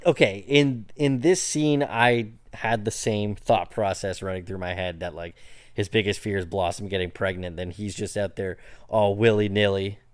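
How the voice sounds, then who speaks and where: A man's voice: fairly low pitch, fairly even intonation, normal speed, clear, resonant tone. Easygoing man co-hosting a podcast. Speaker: podcast co-host. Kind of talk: casual chat.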